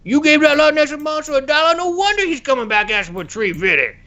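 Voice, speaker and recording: A man doing a comic impression of an older male cartoon dad who tells rambling stories in a high squeaky drawl. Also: lively intonation, fast talker, pushed and bright, muffled recording, heavily acted. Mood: rambling indignant.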